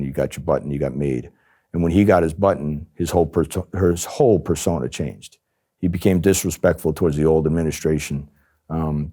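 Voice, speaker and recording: Low, dark-voiced man telling stories. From New Jersey. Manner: animated, acts out quoted voices. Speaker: former undercover agent. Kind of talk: interview storytelling.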